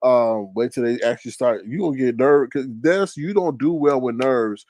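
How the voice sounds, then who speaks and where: A young man hosting a casual commentary stream, ranting loudly and mockingly to his live chat, swearing often. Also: moderate pace. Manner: loud, profane, mocking rant with big pitch swings. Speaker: commentary show host.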